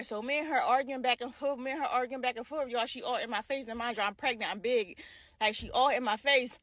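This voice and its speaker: Woman vlogger retelling drama, acts out the yelling, talks to the viewers, fairly high voice, dry close mic. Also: fast talker, dry recording. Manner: dramatic retelling with shouted quotes, addresses viewers directly. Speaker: vlogger telling a story. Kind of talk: casual storytime vlog.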